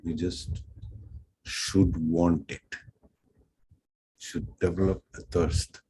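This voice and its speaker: Deep, slow-spoken man with an Indian accent. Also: level tone, mellow, slight background noise, poor audio. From Pondicherry, India. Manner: unhurried, self-deprecating, acts out quoted dialogue. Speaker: French teacher. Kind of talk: storytelling lecture.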